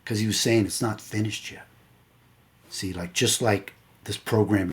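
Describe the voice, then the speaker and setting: In an earnest motivational talk, a male coach recounts his own story, slipping into a low, soft voice for the painful moments. His tone is steady and his delivery a little slow.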